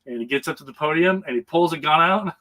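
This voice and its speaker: A man's voice: fairly high pitch, quick pace, pushed and bright, rough recording. A man on a comic book panel recapping a story in casual, rambling talk, full of hesitations and frequent chuckles.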